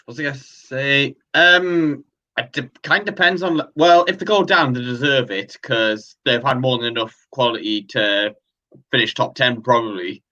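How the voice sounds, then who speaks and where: A man guesting on a live stream, thinking aloud in a hesitant way. His voice is bright and sharp. He sounds distant from the microphone. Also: mid-range voice, moderate pace, lo-fi sound. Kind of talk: casual live stream chat. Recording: distant from the mic.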